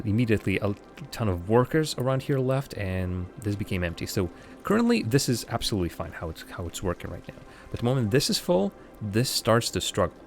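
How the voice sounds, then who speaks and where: A man chatting casually as he streams a city-building game live, thinking aloud with lots of fillers and poking fun at his own mistakes. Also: lowish voice. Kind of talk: casual live gameplay commentary.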